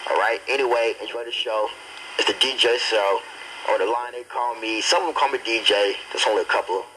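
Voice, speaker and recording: Hyped, sharp-voiced amateur DJ man. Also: mid-range voice, brisk, a little hiss or hum, low-quality recording. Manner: hyped, repetitive, trash-talking banter; loud and excitable. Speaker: amateur DJ host. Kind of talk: homemade party-line show on tape.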